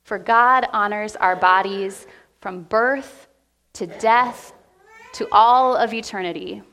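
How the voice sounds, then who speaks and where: Woman preacher in church, slow heartfelt sermon, bit of vocal fry. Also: medium pitch, fairly bright tone. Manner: emotional, heartfelt preaching with pauses. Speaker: pastor. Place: church sanctuary.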